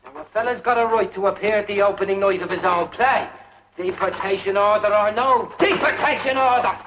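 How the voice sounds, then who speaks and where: An actor playing a stubborn, blustering Irish playwright on the run in a 1960s television drama, with an Irish accent and a stage-Irish manner. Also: male voice, high-pitched, fairly quick, close to an everyday voice. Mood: indignant. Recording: noisy old TV soundtrack.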